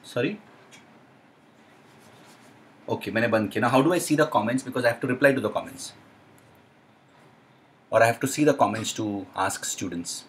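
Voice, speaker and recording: A young man with an Indian accent hosting a casual live Q&A, chatty and excitable, with lots of uh and um. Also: mid-range voice, quick pace, long pauses. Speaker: live stream host.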